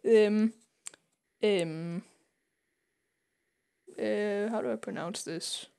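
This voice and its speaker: A woman's voice: mid-range voice, extremely slow, gravelly, warm tone, clear, resonant tone. A young woman co-hosting a podcast, retelling a comic story with many ums and little laughs, acting out the characters' lines. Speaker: podcast co-host.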